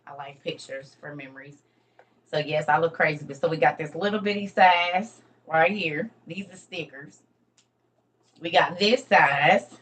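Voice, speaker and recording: A woman's voice: low-pitched, measured pace, fairly bright tone, poor audio. Chatty woman on a livestream. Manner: chatty, addresses viewers as y'all. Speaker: livestream host. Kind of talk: casual morning livestream chat. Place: home room.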